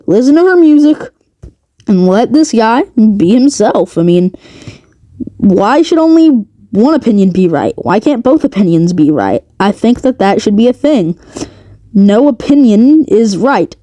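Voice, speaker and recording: A woman's voice: fairly high pitch, warm tone. A woman giving a rambling, sarcastic commentary rant as a video creator. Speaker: commentary youtuber. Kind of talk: ranting commentary.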